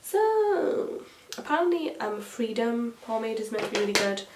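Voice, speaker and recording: A woman's voice: fairly high pitch, flat delivery, a little fast, recorded from a distance, a little hiss or hum. A young woman, a beauty vlogger telling a story while doing her makeup, chatty and swearing freely. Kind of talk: chatty get-ready-with-me vlog. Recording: echoey room, voice a bit off-mic.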